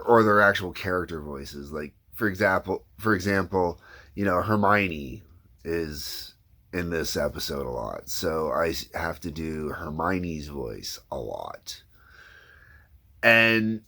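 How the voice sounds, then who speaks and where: A man with a low, deep voice talks in a loose, meandering way. He is the creator and host of his own animation series, chatting casually about how it gets made. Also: fairly bright tone. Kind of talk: casual behind-the-scenes chat.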